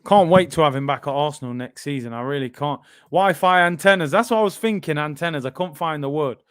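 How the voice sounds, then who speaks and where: Lively British man hosting a football watch-along. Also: fairly high pitch, fast, clean tone, no room sound, clean studio sound. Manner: excitable banter, laughing and reading out chat.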